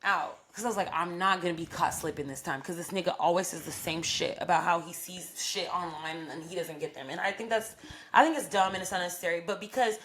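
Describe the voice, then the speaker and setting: A young woman co-hosting a podcast, telling a personal story in casual, profane chat and getting animated as she re-enacts arguments. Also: lowish voice, fast, slight background noise. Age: young adult. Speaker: podcast co-host.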